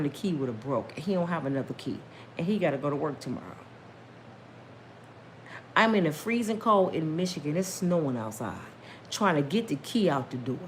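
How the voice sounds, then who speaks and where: A middle-aged woman with a somewhat low voice tells her own story to viewers in a casual, emphatic way. She talks straight at the audience and breaks into religious exclamations. When she gets worked up, her voice climbs high. Faint background noise sits behind her. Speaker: storyteller vlogger.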